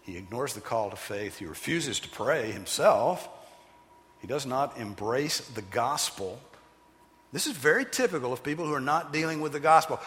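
Pastor guy preaching, really lively ups and downs, bright voice, big echoey hall. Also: medium pitch, normal speed. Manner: animated, emphatic preaching with sudden loud acted quotes. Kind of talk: sermon.

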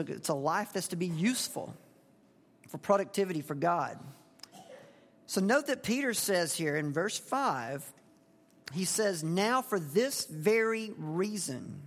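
A pastor preaches an expository sermon, speaking plainly and conversationally and putting questions to the congregation. His voice sits high with a fairly bright tone. A long reverb fills the echoing church hall.

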